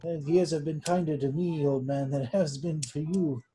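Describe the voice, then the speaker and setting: A man playing his character in a tabletop game, earnest and formal, often halting. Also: fairly high pitch, music in the background, rough recording. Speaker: player. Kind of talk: in-character tabletop role-play.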